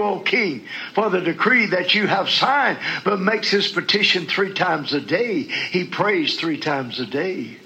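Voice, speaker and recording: A preacher with a high, gravelly voice delivers a sermon, dropping low and quiet for scripture, then rising to shouted praise. His tone is bright and cutting, and he talks to the congregation in a plain, folksy way. A faint hiss of room ambience sits behind him. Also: highs cut off.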